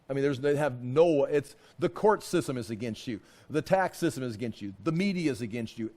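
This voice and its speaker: A man's voice: on the high side, a little mellow. A man teaching a casual Bible class, talking in a loose, conversational way that wanders off and restarts as he retells the story with animation.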